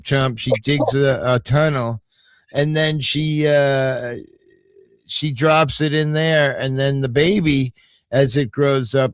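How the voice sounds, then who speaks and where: A man's voice: mid-range voice, smooth, no echo. An older man hosting a casual livestream, rambling through stories and swearing freely. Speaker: livestream host.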